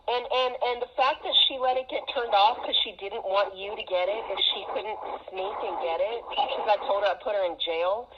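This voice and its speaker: A woman's voice: medium pitch, moderate pace, few pauses, a little hiss or hum. A middle-aged woman lecturing her adult daughter in a heated, emotional phone conversation, her voice recorded in muffled, dull quality.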